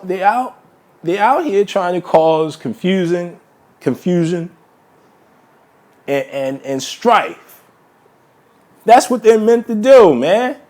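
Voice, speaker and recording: Speaking in a high, slightly mellow voice, this man vents at his audience in a heated, repetitive monologue. He addresses his listeners as brothers and says "man" constantly, ending most sentences with it.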